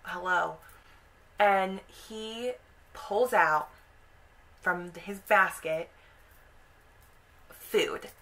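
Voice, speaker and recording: Slow, animated young woman vlogger. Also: mid-range voice, low-quality recording. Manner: animated retelling with quoted voices. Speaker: video host. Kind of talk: casual storytelling vlog.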